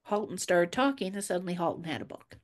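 A woman's voice: lowish voice, expressive, fast talker. An author chatting casually about her books, acting out quoted dialogue as she tells a story. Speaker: author guest. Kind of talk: casual chat.

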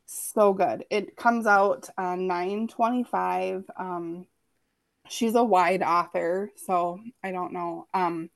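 A woman's voice: lowish voice, vocal fry, no room sound. A woman from Minnesota with a Minnesota accent, co-hosting a casual book chat, hesitant with many ums. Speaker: podcast co-host.

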